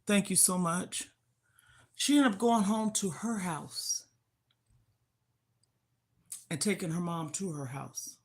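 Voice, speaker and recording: A woman's voice: fairly low pitch, slow pace, long pauses, husky. An older woman hosting a livestream, telling an emotional personal story of loss in a heartfelt, grieving way that sometimes turns indignant. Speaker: livestream host.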